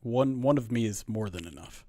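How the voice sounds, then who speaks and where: A man's voice: medium pitch, lively intonation, moderate pace, dark tone, dry recording. A man hosting a casual sports podcast, laughing often as he talks. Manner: laughs often while talking. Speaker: podcast host.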